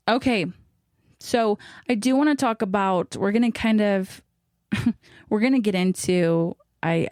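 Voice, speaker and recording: A woman's voice: medium pitch, a little mellow, dry recording, clean studio sound. A young woman hosting her podcast in casual chat, upbeat and laughing often, a little out of breath, recording in a small closet alcove. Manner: chatty, upbeat, laughs often, says y'all. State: a bit out of breath. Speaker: podcast host.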